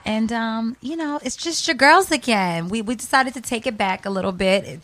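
A woman co-hosting a podcast in casual chat, relaxed and laughing, with lots of fillers. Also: a little high, normal speed, a little hiss or hum. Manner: laid-back, laughing, many fillers. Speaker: podcast co-host.

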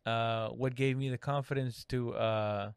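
A man's voice: mid-range voice, steady tone, a little slow, smooth. A man in casual podcast chat who swears freely and often restarts his sentences mid-thought.

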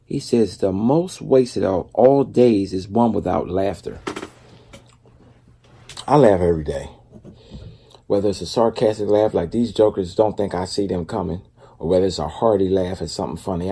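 Deep husky man talking casually. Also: moderate pace, dark tone. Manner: loose, conversational, with many fillers and asides. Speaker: vlogger. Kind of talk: casual faith-based talk.

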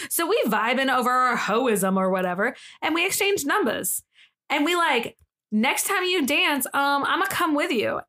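A woman's voice: on the high side, bright, forceful tone, exaggerated voice. A woman voicing a brash, sassy young woman with an exaggerated Southern accent, reading a story in an over-the-top, emphatic way. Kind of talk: dramatic reading of a social media thread.

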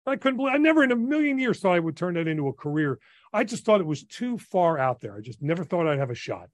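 A man's voice: high voice, fast, no room sound. Enthusiastic older radio DJ, man. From New Jersey. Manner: enthusiastic, animated storyteller. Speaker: radio DJ, guest. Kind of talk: casual interview storytelling.

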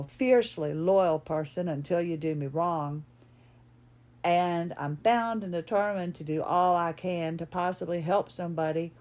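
A middle-aged woman with a drawl talks her way through a personal story on her podcast. She rambles and restarts her sentences, doubling back on her words in a loose, chatty flow. Her pitch sits right in the middle. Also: a little mellow. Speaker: podcast host. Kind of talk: casual personal monologue.

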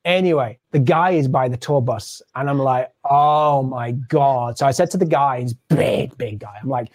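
A touring drummer telling a story in an interview, animated and acting out the people he quotes. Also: mid-range voice, moderate pace.

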